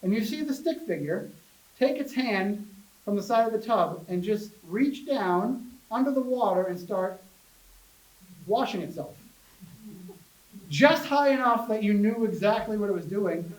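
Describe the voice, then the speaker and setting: A man giving a casual public talk about ghost hunting as a chatty, animated storyteller who jokes with his audience. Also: high voice, unhurried. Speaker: paranormal investigator giving a talk. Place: public library meeting room. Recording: echoey room, voice from a distance.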